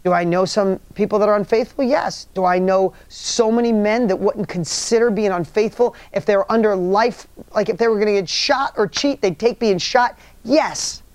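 A man with a high, slightly mellow voice leads a motivational seminar, recorded with no echo. He tells stories emphatically, repeats key phrases, and puts rhetorical questions to the audience.

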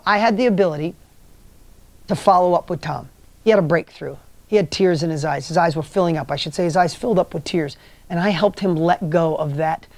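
A man's voice: high voice, creaky, darkish tone, dry recording. Male motivational speaker, emphatic storyteller who acts out quotes, dry close sound.

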